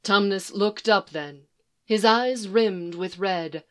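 A woman narrating a storybook in a measured, expressive way. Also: mid-range voice, clean tone. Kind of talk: storybook reading.

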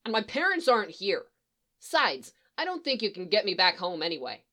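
A woman's voice: very animated, normal speed. A woman voicing a grimy, defiant eight-year-old street boy who shrieks and snaps at the adults around him. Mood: sullen. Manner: shrill, shouting, sullen.

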